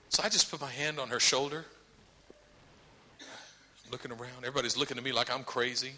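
A man's voice: medium pitch, brisk, pauses often, a little hiss or hum. A man preaching a sermon in a church, telling a story with humor and acting out voices. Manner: animated, acts out voices, humorous asides. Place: church sanctuary. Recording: long hall reverb.

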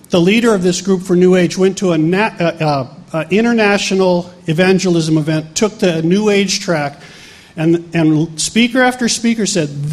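Man, pastor, high voice, sermon storytelling, animated, quotes voices.

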